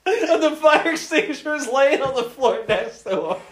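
A young man telling a story in casual chat, animated and laughing often, with plenty of swearing. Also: very high-pitched, moderate pace, noisy background. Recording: echoey room.

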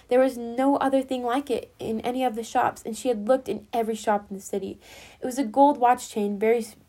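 A woman reading a classic story aloud as a storyteller, gently addressing her listeners as friends. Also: fairly high pitch.

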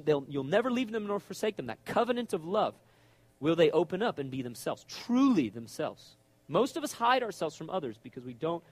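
Middle-aged male pastor, emphatic preacher, high and lively voice. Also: no room sound. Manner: animated, emphatic, acts out quoted voices. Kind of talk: sermon.

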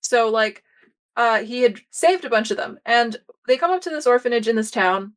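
Young woman, podcast host, casual rambling chat, somewhat high voice. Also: normal speed. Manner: rambling, many fillers and restarts, animated storytelling.

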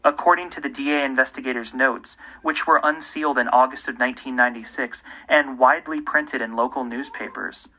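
A man, the host, giving scripted true-crime narration in a measured, pointed way. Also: medium pitch, fairly even intonation, sharp tone, low-quality recording. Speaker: podcast host.

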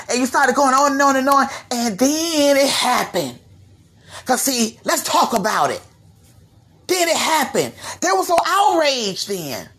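A woman from Florida hosting her own podcast, giving a slangy, animated commentary rant and slipping into mimicry of others. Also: sits high. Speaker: podcast host. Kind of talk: ranting commentary monologue.

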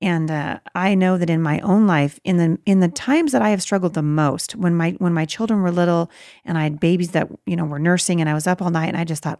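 A woman's voice: on the low side, normal speed, a little mellow, dry recording, studio quality. A middle-aged woman giving an earnest Christian parenting talk, conversational and emphatic, with rhetorical asides. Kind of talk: earnest faith-based teaching talk.

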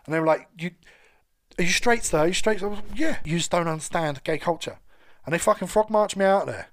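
A man's voice: high-pitched, fast. Sweary British man telling a story. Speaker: podcast co-host. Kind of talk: casual chat.

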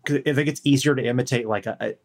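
A man's voice: mid-range voice, rapid-fire. An American man with a Western American accent chatting casually as a podcast co-host, rambling with lots of fillers and swearing. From United States. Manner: rambling, full of fillers and profanity. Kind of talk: casual chat.

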